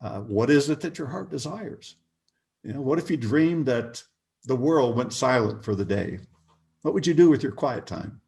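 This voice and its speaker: Older man telling an animated story. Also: medium pitch, normal speed, creaky. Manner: animated, chuckling anecdotes. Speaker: guest. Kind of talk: storytelling interview talk.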